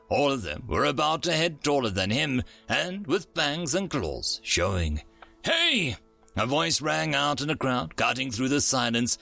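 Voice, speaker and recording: Gravelly bright male sci-fi narrator. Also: medium pitch.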